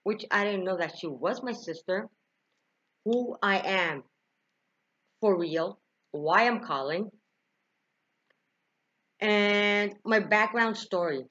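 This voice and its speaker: A young woman tells a personal story to camera, emotional and at times tearful, often laughing and sighing. Her mid-range voice is fairly bright, she speaks slowly with frequent pauses, and the audio sounds dull.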